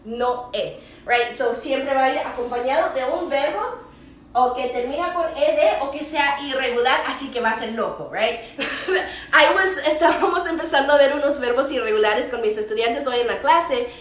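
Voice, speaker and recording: A woman from the United States, a native English speaker, teaching English in a livestream and switching between Spanish and English, repeating words slowly. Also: sits high, fairly bright tone, roomy sound, a little hiss or hum. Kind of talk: bilingual livestream lesson.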